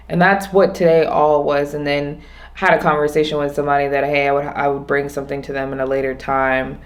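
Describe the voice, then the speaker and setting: Woman, low voice, casual reflective vlog, rambling with restarts, slows down to stress points. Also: little pitch movement. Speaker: vlogger.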